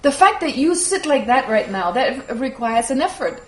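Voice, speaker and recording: A woman whose first language is German, teaching a Buddhist class and answering questions in a lively, explanatory way. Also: high-pitched, moderate pace. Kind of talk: teaching with audience Q&A. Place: teaching hall with audience. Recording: echoey room, faint noise.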